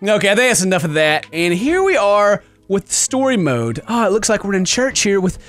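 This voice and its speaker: A man hosting a let's play, commentating excitably, yelling at enemies and laughing often. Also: sits high, normal speed, soft background music. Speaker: gaming video host.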